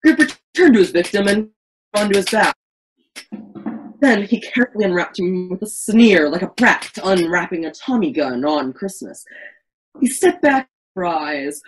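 A woman's voice: fairly low pitch, expressive, normal speed, faint music behind, rough recording. A woman reading the narration of an amateur virtual stage play in a melodramatic way, often stumbling and restarting lines.

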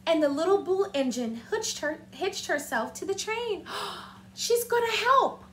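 A woman teacher reading a storybook aloud to children, animated and stopping to ask them questions. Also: sits high, a little slow, slight background noise. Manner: animated, asks the listeners questions.

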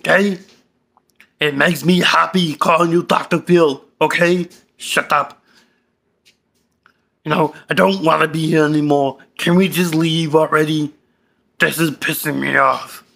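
Brief: man as a short-fused, crude young guy, gravelly and bright, slow drawl. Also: a little high, steady tone, exaggerated voice. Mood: insulting. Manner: cursing, insulting, short-tempered. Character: angry young man, crude, hot-tempered. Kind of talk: comedy skit.

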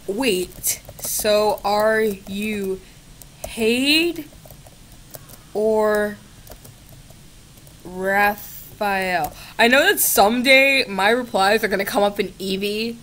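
A woman's voice: mid-range voice, slow pace, a bit bright. A young woman making a casual video at her laptop, chatting with a chatbot in a sarcastic, giggly, mock-exasperated way and swearing often. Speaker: gaming video creator. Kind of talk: casual chat with a chatbot on camera. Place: home, at a laptop.

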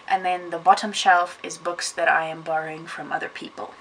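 A woman's voice: fairly low pitch, steady tone, moderate pace, fairly bright tone. A woman talking casually in a bookshelf tour vlog, chatty and rambling, often correcting herself mid-sentence. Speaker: vlogger. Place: room at home beside a bookshelf. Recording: distant camera mic with faint hiss.

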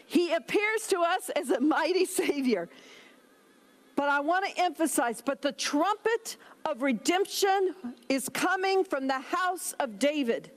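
High-voiced woman preaching a sermon. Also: animated, unhurried. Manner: emphatic preaching, reads scripture aloud. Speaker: pastor.

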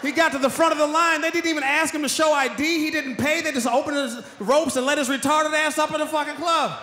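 A man from Washington, D.C., doing stand-up comedy, profane and animated, often shouting. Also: very high-pitched, quick pace. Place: comedy stage. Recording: echoey hall, live stage.

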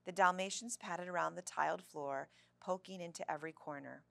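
Gravelly-voiced woman reading a children's story. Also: fairly low pitch, fairly quick, fairly bright tone, no room sound. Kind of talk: reading a children's novel aloud.

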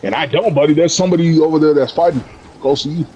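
A man's voice: on the high side, fast talker, dull audio. Teasing man gaming with a friend. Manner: teasing, playful trash talk. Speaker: gamer streaming with a friend. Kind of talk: casual gaming banter. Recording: voice chat over game audio with clear noise.

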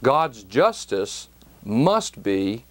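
A man teaching a Bible study in a measured, emphatic way, speaking straight to the listener. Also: mid-range voice, sing-song, a bit bright. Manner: slow, measured, emphatic phrasing; addresses the listener directly.

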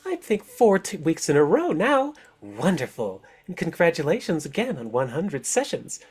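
A man's voice: fairly high pitch, huge pitch swings, normal speed, breathy edge, pitched above the performer's own voice, heavily acted. A man voicing a giant ancient witch overlady, stately and welcoming, in a tabletop game. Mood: grand welcoming.

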